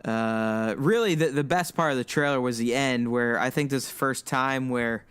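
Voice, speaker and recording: A man co-hosting a podcast, talking in a relaxed, rambling way and swearing freely. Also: medium pitch, moderate pace, clear, resonant tone, dry recording. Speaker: podcast co-host. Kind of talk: casual chat.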